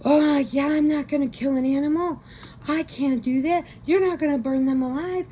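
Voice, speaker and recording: A woman's voice: high voice, steady tone, moderate pace, mellow, slight background noise, voice pushed up, natural voice. A woman voicing an indignant male crematorium worker who protests in a huffy, raised voice.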